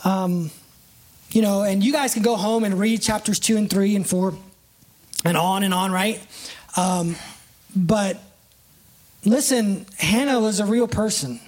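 A preacher delivering a relaxed sermon in plain conversational speech. The talk leans on "right?" and "you know", and listeners get pulled up to act out the scene. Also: mid-range voice, measured pace, long pauses. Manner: casts listeners in live illustrations.

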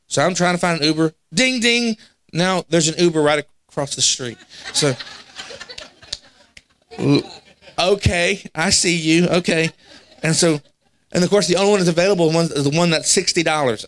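Animated preacher with a higher voice. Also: male voice, fairly quick, no room sound. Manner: animated, acts out quoted voices, laughs at himself. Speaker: pastor. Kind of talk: storytelling sermon. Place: church sanctuary.

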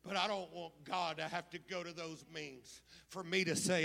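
A male preacher in a sermon, swinging from easy storytelling to loud, fervent calls. His voice sits high and bright, with a gravelly fry at the bottom. The sound rings with the long reverb of a church hall. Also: steady tone, moderate pace, hardly any pauses. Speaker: pastor.

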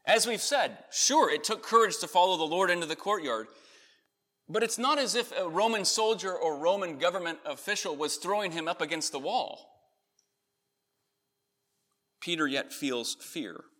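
A man preaching a sermon, earnest, rising in emphasis on key points and then softening. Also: high voice, expressive, moderate pace. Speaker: pastor. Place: church in Connecticut.

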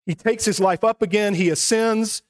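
A pastor preaching a sermon, earnest, moving between hushed and emphatic passages. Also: male voice, sits high, moderate pace.

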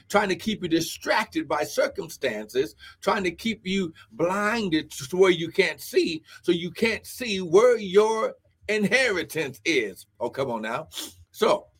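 Fervent husky-voiced male preacher. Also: sits high. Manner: fervent, punctuated with "glory" and "come on now". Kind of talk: live-streamed sermon.

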